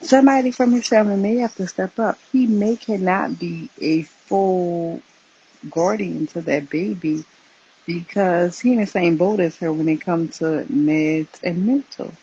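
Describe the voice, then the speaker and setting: A woman co-hosting a casual live-stream commentary, talking loudly and chatting straight to her viewers. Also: on the low side, a little slow, husky, muffled recording. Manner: loud, chatty, addresses viewers as y'all.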